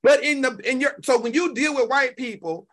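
High, bright-voiced animated man. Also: brisk. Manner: animated, profane, talks back to chat. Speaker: live stream host. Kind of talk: casual live stream commentary.

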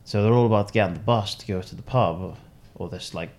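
A man's voice: fairly low pitch, fast talker, darkish tone. A young man telling a rambling story on a casual podcast, laughing often and acting out what people said. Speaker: podcast co-host.

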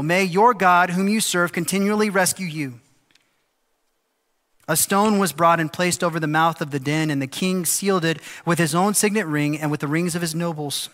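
A male pastor preaching a sermon, animated and lively, often acting out the voices of people in the story. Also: fairly high pitch. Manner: animated, acts out quoted voices. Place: church sanctuary. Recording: long hall reverb.

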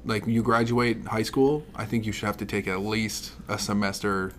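Low-voiced, blunt, swearing young man. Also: level tone, normal speed, slight background noise. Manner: blunt, opinionated, heavy swearing. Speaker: podcast co-host. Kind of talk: casual chat.

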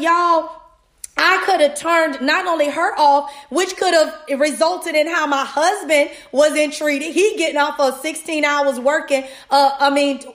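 A woman's voice: sits high, reverberant. A woman giving a casual motivational sermon, talking straight to her listeners. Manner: animated, talks straight to listeners with "y'all". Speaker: podcast host giving a devotional.

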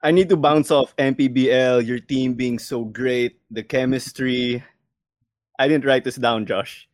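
A man's voice: mid-range voice, steady tone, a little slow, dry recording, clean studio sound. A man hosting an interview, asking questions in a friendly, joking way. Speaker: podcast host. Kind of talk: casual interview chat.

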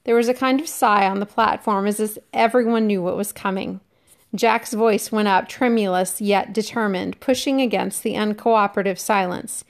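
A woman teacher reading a novel aloud to her class in a steady, measured way. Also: medium pitch.

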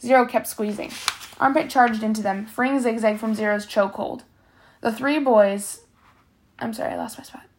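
A woman reading a novel aloud, steady, sometimes stumbling and correcting herself. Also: fairly high pitch, moderate pace, slight background noise. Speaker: reader.

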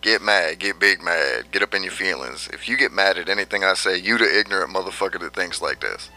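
A man's voice: low voice, brisk, sharp tone, soft background music. A man vlogging a brash, profane rant and laughing often at his own jabs.

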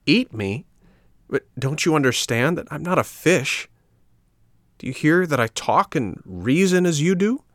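A man voicing a small wooden puppet boy in a storybook reading, shrill and protesting in alarm. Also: expressive, a little slow, creaky, sharp tone, no room sound, clean studio sound, exaggerated voice. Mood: indignant. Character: small indignant boy puppet, frightened and pleading.

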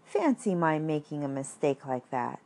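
A woman voicing a calm, motherly female kangaroo who speaks cheerfully and gently teases in a storybook reading. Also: low voice, normal speed.

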